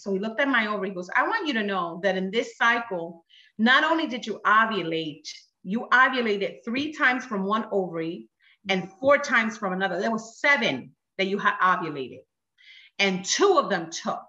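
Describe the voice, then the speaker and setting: A woman in her thirties tells her story with lively energy, acting out every exchange in quoted voices. Her voice is bright and forceful. The recording sounds dull and roomy, with a noticeable echo. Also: fairly high pitch, moderate pace. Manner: animated, acts out dialogue in quoted voices. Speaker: guest sharing a testimony. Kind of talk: emotional personal storytelling.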